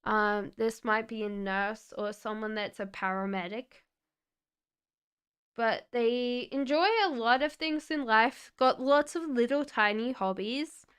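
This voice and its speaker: A young Australian woman, her accent softened by years in Britain, chatting upbeat with viewers as she gives live tarot readings. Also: a little high, measured pace, clean tone. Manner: chatty and upbeat, laughs often, talks straight to viewers by name. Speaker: tarot reader.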